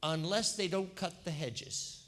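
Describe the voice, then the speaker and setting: A man in his fifties, a pastor, preaching a sermon in a lively, conversational way and putting questions to the congregation. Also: sits high, a little slow. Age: 50s.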